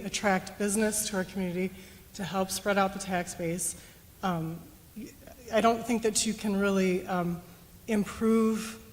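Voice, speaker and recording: Earnest woman candidate in an echoing hall. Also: mid-range voice. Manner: earnest, with frequent ums. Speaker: school board candidate. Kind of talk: forum answer. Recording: long hall reverb.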